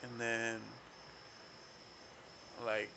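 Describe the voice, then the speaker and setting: Young male podcast host, gravelly, animated profane storyteller. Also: medium pitch, very slow, background noise. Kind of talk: casual storytelling.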